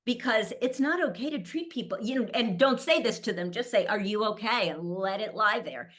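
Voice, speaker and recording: A woman's voice: a little high, lively intonation, a little fast, fairly bright tone. A middle-aged woman speaking candidly as a panel guest, telling stories and laughing often. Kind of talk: conversational panel talk.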